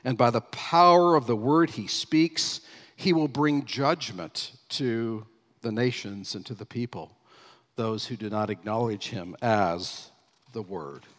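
Male pastor preaching, emphatic, leans on key phrases, long hall reverb. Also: mid-range voice. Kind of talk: sermon.

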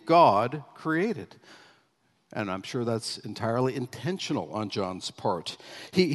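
Male pastor preaching, emphatic, leans on key phrases, long hall reverb. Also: fairly high pitch. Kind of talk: sermon.

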